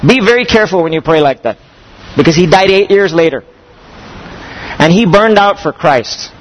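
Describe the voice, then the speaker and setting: High-voiced man preaching a sermon. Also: low-quality recording. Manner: emphatic, slows down on key phrases; asks the congregation questions.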